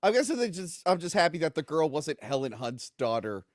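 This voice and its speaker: A man's voice: fairly high pitch, sing-song, moderate pace, dry recording, studio quality. A man chatting casually about movies on a podcast, joking, laughing often and acting out quotes. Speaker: guest film reviewer.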